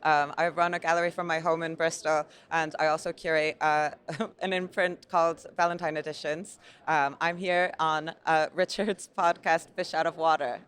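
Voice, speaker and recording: A woman's voice: low-pitched, steady tone, moderate pace, fairly bright tone, smooth. A woman with an American accent, a gallery owner and curator, talking earnestly in a casual interview at an indoor art fair, with lots of fillers and easy laughter.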